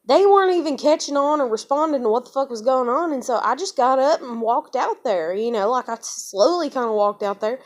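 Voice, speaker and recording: A woman's voice: high-pitched, lively intonation, fairly quick, few pauses. A young woman telling a personal story to camera in a blunt manner, swearing often and using many fillers. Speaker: vlogger.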